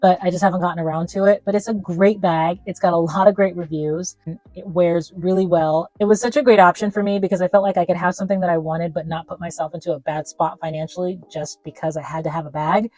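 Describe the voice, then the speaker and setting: A woman with a fairly low voice talks through her fashion picks in a chatty, playful way. She stresses her points with emphasis. Her voice sits close and dry on the mic, with faint music underneath. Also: steady tone, fast, darkish tone, no room sound, poor audio. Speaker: fashion vlogger. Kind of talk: casual product review.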